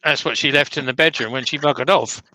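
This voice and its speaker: Bright-voiced man, dry joker. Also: medium pitch, quick pace, no room sound, rough recording. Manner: dry, joking, practical. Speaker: woodturner demonstrating on a livestream. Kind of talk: casual livestream chat.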